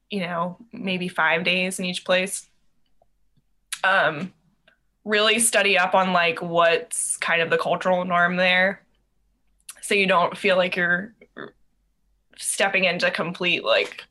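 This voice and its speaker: Chatty young woman telling a story. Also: fairly low pitch. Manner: animated storytelling, many fillers. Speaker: podcast host. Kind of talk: casual chat.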